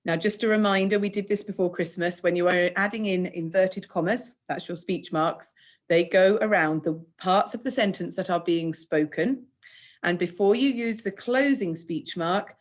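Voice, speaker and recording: A woman with an English accent teaching children in a recorded remote lesson, speaking clearly, patiently and encouragingly. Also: on the low side. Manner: clear, patient, encouraging, acts out example speech lines. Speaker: primary school teacher.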